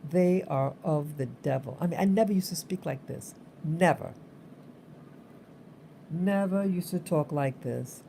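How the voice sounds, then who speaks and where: A woman's voice: on the low side, mellow, a little hiss or hum. A woman vlogger telling a story in a casual, rambling way, repeating herself for emphasis.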